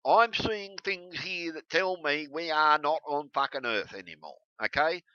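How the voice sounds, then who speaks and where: A man ranting heatedly to camera, swearing constantly and breaking into yelled bursts. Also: fairly high pitch, expressive, measured pace, smooth, no echo. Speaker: video blogger. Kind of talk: angry profane rant to camera. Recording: dull lo-fi recording.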